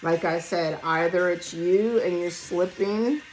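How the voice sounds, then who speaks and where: A hoarse woman, losing her voice, giving a casual collective tarot reading in a blunt, emphatic way and swearing freely. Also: lowish voice, slow pace, soft background music, rough recording. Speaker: tarot reader. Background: song playing quietly.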